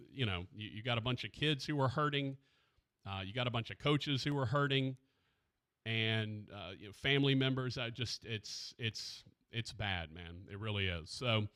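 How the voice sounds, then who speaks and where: A man hosting a sports radio show, talking haltingly and with grief, searching for his words, close to a studio mic. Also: medium pitch, a bit bright, clean tone. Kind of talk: emotional radio talk. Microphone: studio microphone.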